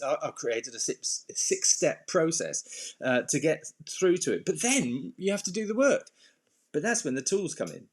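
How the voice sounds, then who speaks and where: A man talking casually as an anxiety coach, his voice sitting at an ordinary middle pitch. He rambles through restarts and fillers in an informal way, with the odd sudden, playful burst. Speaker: anxiety and self-esteem coach. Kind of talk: casual talk to camera with slides.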